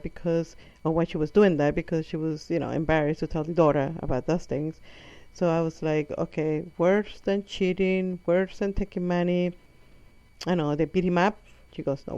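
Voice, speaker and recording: A woman with a non-native English accent and a lowish, warm, fairly even voice tells a rambling comic monologue at normal speed, correcting herself and acting out her mother's lines. The audio is muffled and lo-fi, with no room sound.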